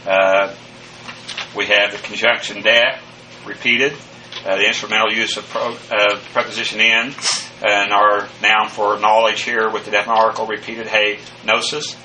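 A man's voice: fairly low pitch, level tone, moderate pace, pushed and bright, distant mic, a little hiss or hum, rough recording. A man teaching a verse-by-verse Greek Bible lesson, methodical and full of "uh" fillers, spelling out Greek words letter by letter. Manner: frequent "uh" fillers and restarts. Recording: voice set back from the mic, faint ambience.

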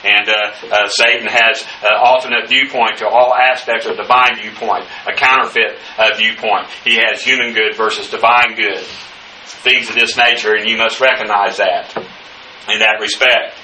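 A man teaching the Bible verse by verse, speaking haltingly with many fillers and spelling out Greek words letter by letter. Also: fairly low pitch, fairly even intonation, pushed and bright. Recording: echoey room, distant mic, faint noise.

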